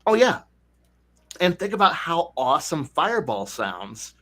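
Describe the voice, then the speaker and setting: A man hosting a casual podcast chat about tabletop games, talking animatedly and slipping into quick voices for players. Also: on the high side, very animated, a bit bright. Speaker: podcast host.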